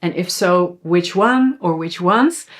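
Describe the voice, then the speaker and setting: A woman with a Dutch accent teaching pronunciation, saying example words slowly and asking viewers to repeat after her. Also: on the low side, expressive. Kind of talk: pronunciation lesson.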